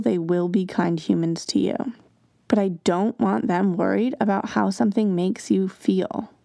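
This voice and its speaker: A woman's voice: medium pitch, creaky, dark tone, no echo, clean studio sound. A woman hosting a parenting advice podcast, talking in an earnest, conversational way and sometimes acting out what children say. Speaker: podcast host.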